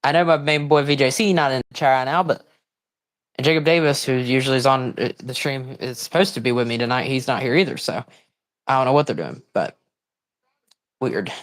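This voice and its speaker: A man hosting a livestream, giving casual, rambling commentary on a wrestling broadcast and breaking into excited outbursts and confused reactions. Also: medium pitch, a little fast. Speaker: livestream host.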